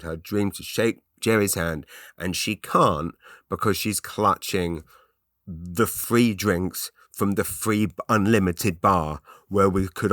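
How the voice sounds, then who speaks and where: A male podcast host with an English accent launches into a rambling solo comic story, restarting often and slipping into put-on voices. His voice is low with a fairly bright tone, captured in clean studio sound with no room noise.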